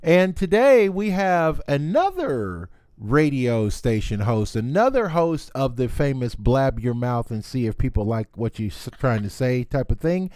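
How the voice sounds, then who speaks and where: A man's voice: mid-range voice, big pitch swings, a little slow, few pauses, a little mellow, dry recording, clean studio sound. A man hosting a radio show, chatting in a loose, rambling way with restarts and fillers. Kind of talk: casual interview chat.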